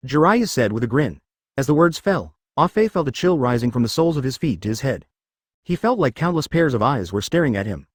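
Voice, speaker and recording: A man's voice: medium pitch, animated, a little fast, no echo, studio quality. A male text-to-speech voice narrating a fanfic story in a machine reading that reads out stray words.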